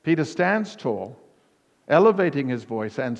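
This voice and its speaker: Man, pastor, sermon, emphatic repetition, mid-pitched voice, long hall reverb. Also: animated, normal speed. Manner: emphatic, punchy repetition, rising to near-shouts on key words. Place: church hall.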